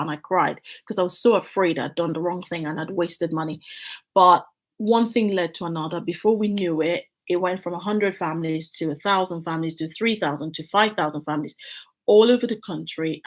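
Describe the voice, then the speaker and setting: A middle-aged woman vlogging at home, telling her life story candidly and acting out quoted lines with big jumps in her voice. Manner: animated, frank, acts out quotes with big pitch jumps. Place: home with building works nearby.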